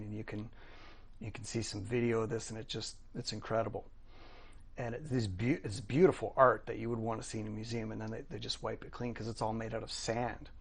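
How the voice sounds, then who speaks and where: Earnest reflective man, mid-pitched. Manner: earnest, reflective, with many restarts and fillers. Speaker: podcast guest, drumming coach. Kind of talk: casual interview conversation.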